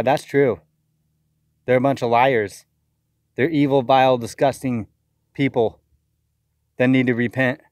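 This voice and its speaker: A man's voice: medium pitch, no echo, studio quality. A man giving a fiery, accusatory video sermon, often repeating words as he rants. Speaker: self-styled preacher. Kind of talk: impassioned video sermon rant.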